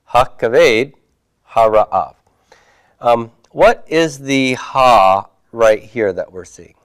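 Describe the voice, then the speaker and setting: A man's voice: medium pitch, lively intonation, very slow, clean tone, no room sound. A man teaching a Hebrew class, reviewing homework and patiently asking his students questions before answering them himself.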